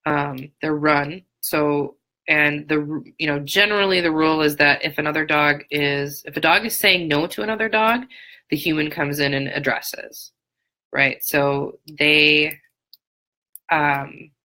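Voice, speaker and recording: Frank, chatty woman, low and bright. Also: a little slow, poor audio. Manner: frank, chatty, many fillers and restarts. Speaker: dog trainer. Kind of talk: live Q&A chat. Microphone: phone or webcam on a live stream.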